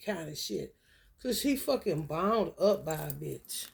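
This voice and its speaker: A woman talking casually to her viewers, telling animated, profane stories with frequent laughter. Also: medium pitch, a little slow, vocal fry, husky. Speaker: spiritual talk host.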